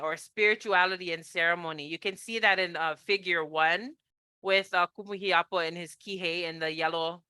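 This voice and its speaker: A woman's voice: fairly low pitch, bright, forceful tone, clean tone, dry recording. A woman from Hawaii, a cultural practitioner, giving a chatty, upbeat online presentation on a video call, with many fillers and restarts.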